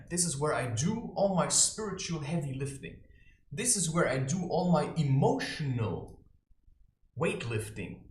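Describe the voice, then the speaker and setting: A man holds forth in a preachy, mocking monologue, with a tone that swings widely and theatrically. He talks to camera from his own room. The room adds a clear echo to his voice. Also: on the high side. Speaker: self-styled spiritual advisor. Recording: roomy echo.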